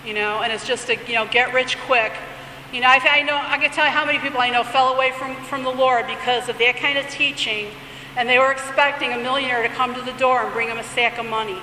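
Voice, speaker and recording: A woman gives a teaching sermon in a high, bright voice. She alternates between reading prayers aloud and explaining them in a conversational way. The sound is echoey, with a long reverb and faint room ambience behind her. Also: fairly even intonation, quick pace, far from the mic, slight background noise. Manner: reads liturgy aloud then explains it conversationally. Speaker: Bible teacher.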